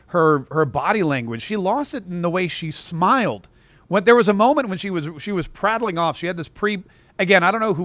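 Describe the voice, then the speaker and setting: A man hosting an opinionated political commentary show, sarcastic and prone to rambling asides. His voice sits high for a man. The sound is dry and close. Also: a bit bright, dry recording.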